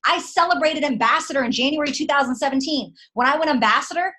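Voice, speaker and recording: A woman's voice: sits high, quick pace, bright, forceful tone. A woman giving a fired-up motivational pep talk to her sales team. She speaks emphatically, uses slang and fires off punchy rhetorical questions. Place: at home at night.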